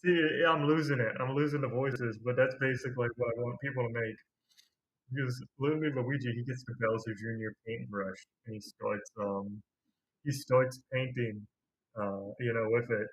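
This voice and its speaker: A man's voice: medium pitch, fairly bright tone, husky. A man hosting a casual movie review video, rambling and slangy with a sarcastic streak. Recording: dull lo-fi recording.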